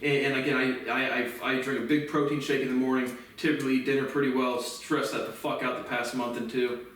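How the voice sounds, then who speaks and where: A man's voice: mid-range voice, level tone, fairly quick, recorded from a distance. Furious profane man ranting in echoey room. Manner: furious, profane, bursts into shouting. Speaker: vlogger. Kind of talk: angry vlog rant.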